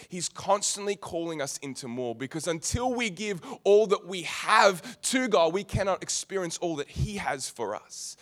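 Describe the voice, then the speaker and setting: A young man delivers a sermon in a lively storytelling manner. His voice sits fairly high for a man and moves around a lot. He slips humorous asides in between his points. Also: brisk. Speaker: preacher.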